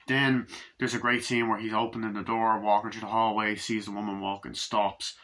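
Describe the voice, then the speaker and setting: Excited swearing man reviewing a film. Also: lowish voice, moderate pace. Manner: enthusiastic, swears often, acts out quoted lines. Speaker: movie reviewer. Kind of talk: casual spoken film review.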